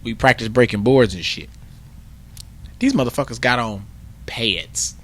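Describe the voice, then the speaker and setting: A man co-hosting a podcast, telling a story in casual chat, profane and boisterous, breaking into shouted yells. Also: medium pitch, measured pace. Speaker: podcast co-host.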